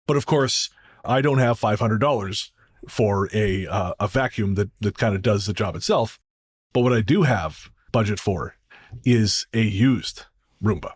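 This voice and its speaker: A man's voice: fairly low pitch, unhurried, husky. A man hosting a podcast in a casual, joking, storytelling way. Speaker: podcast host.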